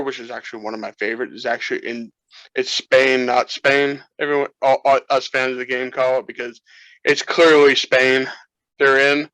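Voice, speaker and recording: A man's voice: mid-range voice, no echo, low-quality recording. A man co-hosting a casual film discussion, with talk that rambles and doubles back on itself. He sounds eager and fannish. The recording is dry, with little room sound. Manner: rambling, restarts often, excited game fan. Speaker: co-host. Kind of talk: casual chat.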